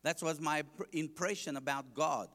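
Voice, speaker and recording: A man's voice: on the high side, moderate pace, fairly bright tone, in a large hall. A man with a South African accent, an evangelist preaching his testimony to a congregation, joking and asking the listeners questions.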